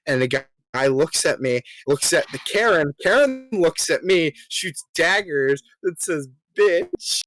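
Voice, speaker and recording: A man's voice: on the high side, animated, a little slow, few pauses, fairly bright tone. A young man co-hosting a podcast, telling a story in casual chat with lots of ums and acting out the quoted lines. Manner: filler-heavy, polite, acts out quoted lines. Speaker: podcast co-host.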